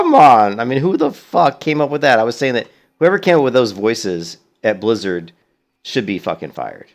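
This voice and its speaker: A man streaming a video game, chatting casually in a rambling, profane way. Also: fairly low pitch. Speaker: let's play streamer. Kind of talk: casual gaming commentary.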